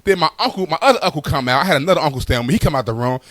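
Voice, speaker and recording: A male comedian telling a stand-up story, animated and full of repeated asides. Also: on the high side, rapid-fire, no room sound.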